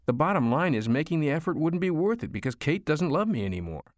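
A man's voice: fairly high pitch, sing-song, fast, no echo, studio quality, pitched above the performer's own voice. A man voicing a weary, defensive grown son in an audiobook. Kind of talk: audiobook character voice.

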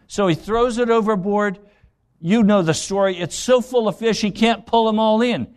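A man's voice: sits high, moderate pace, clean tone. A man preaching a sermon as a pastor, retelling scripture scenes and acting out the dialogue, then pressing the congregation with pointed rhetorical questions.

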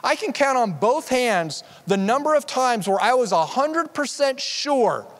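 A man's voice: very high-pitched, big pitch swings, measured pace, in a large hall. A pastor preaching a sermon in an earnest, conversational way, often restarting his sentences. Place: church sanctuary.

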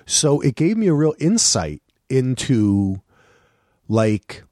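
Brief: middle-aged man, lively swinging pitch, animated swearing storyteller, dry close sound. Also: takes it slowly, dry recording. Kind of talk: casual chat.

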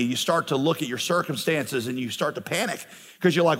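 A man's voice: fairly high pitch, brisk, a bit bright, slightly rough, big-room sound. A man preaching a sermon as pastor, earnest and building in passion on key phrases. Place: church sanctuary.

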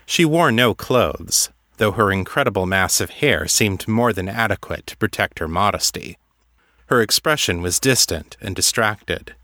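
A man giving a measured, scripted narration of a fantasy story. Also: lowish voice, lively intonation, bright, forceful tone, no room sound, studio quality. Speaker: audiobook narrator.

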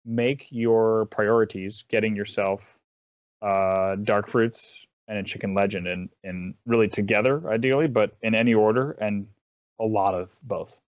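An esports caster appears as an interview guest, chatting casually in a fairly low, steady voice. He rambles and halts, restarting his sentences often, on a dry, lo-fi recording.

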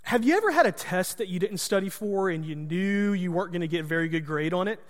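High-voiced pastor telling a story. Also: male voice, lively intonation, fast talker, big-room sound. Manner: conversational, self-deprecating humor. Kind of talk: storytelling sermon.

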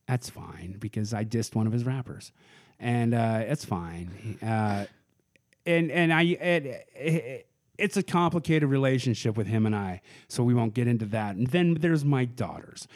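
A man's voice: medium pitch, expressive, a little slow, darkish tone. A man in his forties from Portland, a comedian, telling rambling stories in casual podcast chat and acting out other people's voices. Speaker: comedian guest.

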